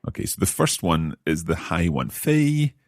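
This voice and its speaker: A man's voice: rumbling low, a little fast, slightly rough, dry recording, studio quality. A man, a learner co-hosting a language lesson, who asks curious questions and repeats phrases after the teacher. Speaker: learner co-host.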